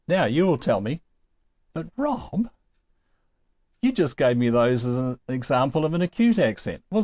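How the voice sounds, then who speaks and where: Man, Greek teacher, slow careful delivery, very lively pitch, dry close sound. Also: dry recording. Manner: slow, careful, patient explanation with small chuckles. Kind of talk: recorded lesson.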